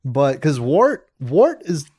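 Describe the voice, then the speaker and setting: A man's voice: fairly high pitch, big pitch swings, slow pace, a little mellow, slightly rough. A young man co-hosting a podcast, chatting casually, laughing often and joking crudely. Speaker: podcast co-host. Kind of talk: casual chat.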